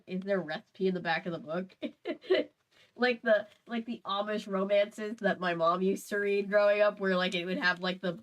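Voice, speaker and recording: A woman's voice: medium pitch, a bit bright, rough recording. Woman reading fan fiction aloud, playful. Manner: playful, laughing, stumbles and adds asides while reading. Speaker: host.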